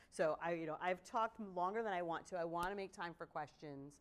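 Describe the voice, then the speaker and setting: Animated woman presenter. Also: lowish voice, normal speed. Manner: animated storytelling with frequent "right?". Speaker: guest speaker. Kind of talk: workshop presentation.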